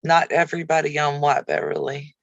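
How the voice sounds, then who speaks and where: A woman's voice: low voice, flat delivery, fairly quick, no room sound, highs cut off. A woman hosting a casual livestream chat, talking easily and answering viewer comments by name. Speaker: craft channel host.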